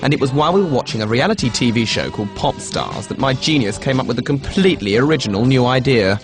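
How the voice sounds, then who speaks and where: A man's voice: medium pitch, big pitch swings, fast talker, over music. A man narrating a comic mock-documentary in a smug, boastful manner.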